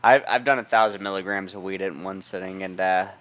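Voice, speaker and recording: A man's voice: low voice, fairly even intonation, a little fast, fairly bright tone, highs cut off. A man co-hosting a podcast, chiming in with jokes and playful voices in casual chat. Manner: chimes in with jokes and silly voices. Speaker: podcast co-host. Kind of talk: casual chat among friends.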